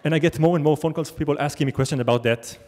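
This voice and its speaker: A man's voice: a little high, very fast, darkish tone. A man telling a true story on stage in a wry, self-deprecating, conversational way. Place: large theater stage. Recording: long theater hall reverb.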